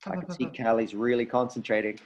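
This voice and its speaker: A man leading a drama workshop for teachers, coaching lively and demonstrating vocal warm-up drills. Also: medium pitch, a little fast.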